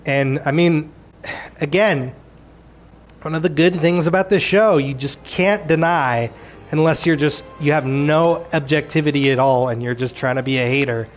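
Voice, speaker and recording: A man ranting through a show recap, animated and frustrated, swearing freely and acting out characters' lines. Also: fairly high pitch, soft background music. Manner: acts out characters' lines in quick voices.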